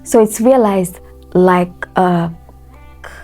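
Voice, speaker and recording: A woman's voice: on the low side, slow, mellow, soft background music. A woman teaching English pronunciation. She spells words out letter by letter and repeats them, asking listeners to say them after her. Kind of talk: pronunciation lesson.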